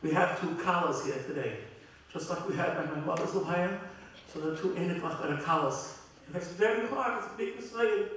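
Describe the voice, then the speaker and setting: A middle-aged man, a rabbi, giving a heartfelt, halting eulogy with many restarts. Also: on the high side, a bit bright, a little hiss or hum. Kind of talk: eulogy at a memorial gathering. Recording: very echoey hall from far off.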